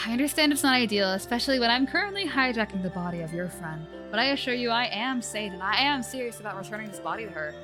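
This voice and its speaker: A woman's voice: fairly high pitch, lively intonation, fast, few pauses, lightly acted. A woman voicing a scheming ancient spirit that possesses a young woman, speaking formally and condescendingly. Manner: formal, condescending, archaic phrasing. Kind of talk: voicing game dialogue on a livestream. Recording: game music playing loudly behind. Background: game music.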